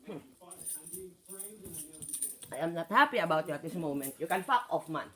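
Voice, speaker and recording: A woman's voice: sits low, expressive, normal speed, noisy background. Woman ranting, profane and rambling. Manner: rambling, profane, repeats herself; swings from quiet to heated. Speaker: vlogger. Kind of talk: casual monologue rant.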